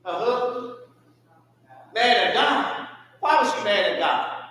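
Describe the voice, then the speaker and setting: A Southern man leads a church Bible lesson, calling questions out to the class and answering them. His voice sits high and bright. He is heard from a distance in a very echoey church room. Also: animated, slow pace. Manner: call-and-response questioning. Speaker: Sunday school teacher. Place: church hall.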